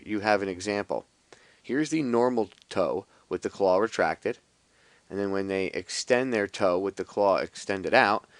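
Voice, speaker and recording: A man's voice: low-pitched, no echo. A man talking casually and at length to his viewers, rambling with many restarts and a sarcastic edge. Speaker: video blogger. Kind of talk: casual explanatory monologue.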